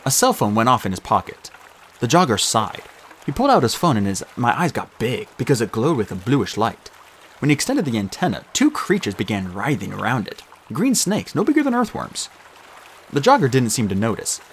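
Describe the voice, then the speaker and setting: Guy narrating a book, animated voice, little bit of hiss. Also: mid-range voice, a little fast. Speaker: audiobook narrator. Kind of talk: audiobook narration.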